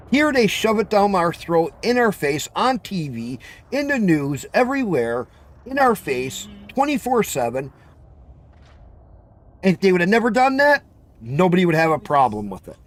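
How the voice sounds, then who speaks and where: A man's voice: sits high, very animated, moderate pace. A man hosting a livestream chat, ranting bluntly and repetitively with profanity. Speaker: livestream host. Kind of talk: heated open chat.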